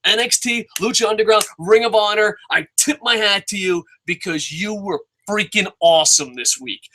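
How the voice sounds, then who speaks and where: A young man with a slightly high, bright and forceful voice tears through a wrestling review in a loose, rambling rant. He swears constantly, jumps between tangents and mocks himself as he goes. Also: moderate pace, slight background noise. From New Jersey. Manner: excitable, rambling, heavy swearing, self-mocking. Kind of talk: casual profane review rant.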